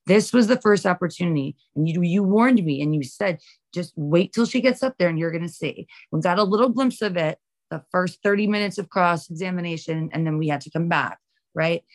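A woman's voice: on the low side, brisk. A woman lawyer, a podcast guest, explaining a court case in a confident and slightly gloating way. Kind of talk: casual podcast interview.

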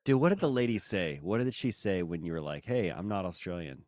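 A man's voice: deep voice, lively intonation, a little fast, darkish tone, no echo. A man in casual chat, rambling and searching for words, with a dry sense of humor.

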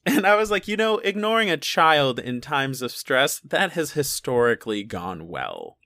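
A man's voice: medium pitch, huge pitch swings, normal speed, hardly any pauses, pushed and bright, dry recording. A man co-hosting a casual chat about a horror movie, joking and profane, laughing often. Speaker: podcast co-host.

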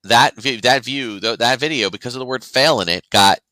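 Man, podcast co-host, casual chat, bright tense voice, rambling with restarts, dry close sound. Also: mid-range voice, fairly quick, dry recording, rough recording. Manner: rambling, restarts often, acts out quoted reactions.

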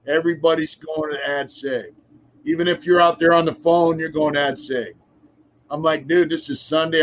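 Fairly high-pitched, a middle-aged man hosts a podcast and recounts his story in easygoing, meandering chat. His sentences sink into mumbles at the end, and the sound is muffled and lo-fi.

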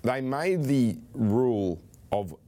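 A man hosts a relaxed sports podcast in a studio. He talks in a playful, teasing way and laughs easily. His pitch sits in the middle range. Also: slow pace. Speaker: podcast host. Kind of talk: casual sports podcast chat. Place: studio room at league headquarters.

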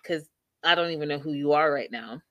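A woman's voice: low voice, a little fast, lo-fi sound. Chatty woman recapping reality TV. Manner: chatty and opinionated, many fillers. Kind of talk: casual live-stream recap.

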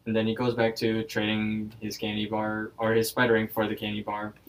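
A man's voice: on the low side, monotone, a little fast, distant mic, rough recording. Chatty man, slightly off-mic. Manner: chatty, leans on like as filler. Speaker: podcast co-host. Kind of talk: casual episode recap.

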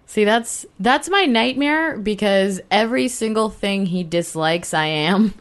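A woman co-hosting a podcast in casual chat, animated and sarcastic. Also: medium pitch, unhurried. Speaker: podcast co-host.

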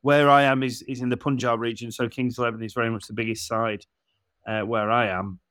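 An English man in his forties co-hosts a casual podcast, trading travel stories and laughing as he acts out what people said to him. His mid-range voice is fairly quick and a bit bright, with little pitch movement, and it's recorded dry and close.

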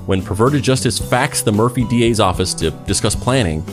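Low-voiced, wry male podcast narrator. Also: brisk, music in the background. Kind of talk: casual commentary and scripted narration.

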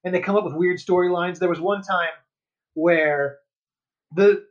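A man's voice: sits high, fairly even intonation, a little slow, highs cut off. A man co-hosting a podcast, chatting casually and explaining at length. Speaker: podcast co-host. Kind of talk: casual chat.

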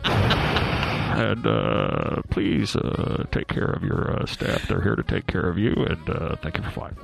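Guy doing a super low gravelly pilot voice, all slow uhs on the intercom. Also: huge pitch swings, exaggerated voice. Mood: droning. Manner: slow, halting, filler-heavy announcements. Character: droning male airline captain on intercom. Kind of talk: mock pilot announcement.

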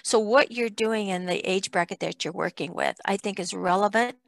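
A woman's voice: medium pitch, moderate pace, creaky, dry recording. A woman in her sixties hosting a podcast, chatting in a rambling way and laughing between thoughts. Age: 60s. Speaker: podcast host. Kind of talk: casual podcast interview.

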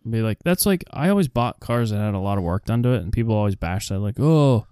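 A man's voice: lowish voice, lively intonation, fast, darkish tone, clean tone, dry recording, studio quality. A man co-hosting a podcast, chatting casually and rambling with lots of fillers about a film. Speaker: podcast co-host. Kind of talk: casual chat recapping a film.

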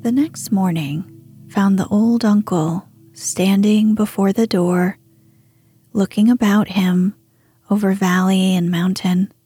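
A woman whispering a bedtime story in a soothing, hushed, breathy voice. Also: medium pitch, steady tone, slow, faint music behind.

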